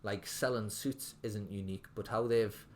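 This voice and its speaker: Low-ish voiced guy in his thirties, chatty, rambling guest. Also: steady tone, moderate pace, a little hiss or hum. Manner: rambling, full of fillers like "like". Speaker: guest, restaurant owner. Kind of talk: casual podcast interview.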